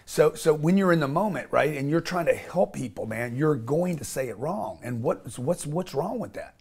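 A man's voice: on the high side, animated, normal speed, creaky, a little mellow, breathy edge. A man speaking as an interview guest, blunt and emphatic, often restarting and swearing casually.

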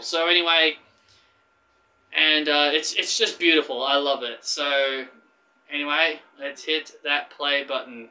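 Australian male streamer, rambling reaction chat, high bright voice. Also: rough recording. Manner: rambling, excitable, laughs often. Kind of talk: casual reaction commentary.

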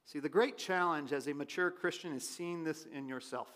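A pastor preaching a sermon in a church, his voice swinging from loud questions to quiet asides. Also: a little high, normal speed. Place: church sanctuary.

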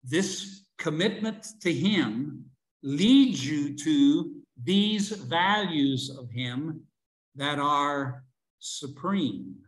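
Older man, religion teacher, slow deliberate lecture, slightly high voice, lots of uh and restarts. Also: animated, rough recording. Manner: halting, many fillers and restarts. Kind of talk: online class lecture.

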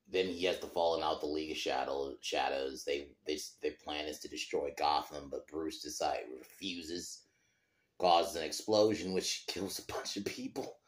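Very deep-voiced man rambling about films. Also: echoey room. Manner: rambling, swears freely, trails off and restarts. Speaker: podcast host. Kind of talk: casual film review chat.

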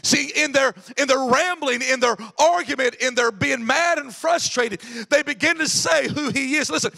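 A man preaching a sermon in a very high, bright and forceful voice. He drives his points home with sudden loud bursts, then drops into chatty, self-mocking stories from his own life. A heavy gravelly fry runs through his speech. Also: normal speed. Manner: impassioned preaching that swings between loud emphasis and quiet asides. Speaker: pastor.

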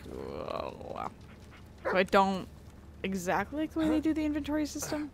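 A woman's voice: sits high, wildly swooping pitch, moderate pace, creaky, a little hiss or hum. A woman hosting her gaming channel, chatting casually as she plays and sometimes swearing at the game. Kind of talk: let's play commentary.

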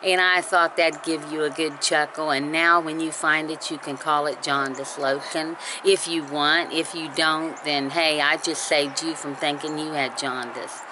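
A woman with a low, deep-set voice spins a homey story from her porch, chatty and looping back over her words. She chuckles at her own tale. Steady noise hums under the recording. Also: measured pace, hardly any pauses. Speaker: storytelling vlogger. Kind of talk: casual storytelling. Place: home porch.

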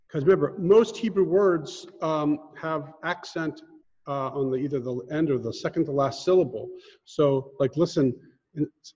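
A man's voice: a little high, a little mellow. A man teaching Hebrew prayers in an online lesson, patiently explaining how the words are said and chanting the prayer lines. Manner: patient, explains pronunciation slowly. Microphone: screen-sharing video call. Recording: dull lo-fi audio with long reverb.

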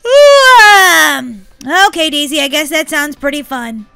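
A grumpy, sleepy young girl who sulks and grumbles, as a woman puts her on. Her voice is high and bright, with faint music under it in this game role-play. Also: big pitch swings, slow pace, creaky, no echo, heavily acted. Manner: grumpy, sulky.

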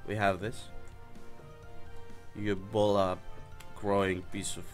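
A man doing excitable, swear-heavy commentary on his own gaming channel, breaking into squeals and laughter. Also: on the low side, slow, pauses often, faint music behind. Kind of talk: casual let's play commentary.

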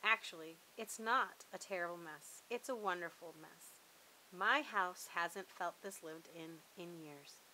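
A woman's voice: lowish voice, a little slow, a little hiss or hum, low-quality recording. A woman reading as a kindly old Jewish neighbor lady. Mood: tender. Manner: warm Yiddish-flavored exclamations.

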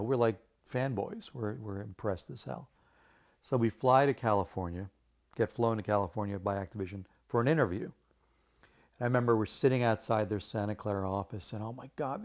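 A man spins a casual anecdote in an interview, his voice sitting a bit low. He keeps the story lively by acting out what each person said. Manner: animated anecdote telling with quoted voices. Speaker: video game artist.

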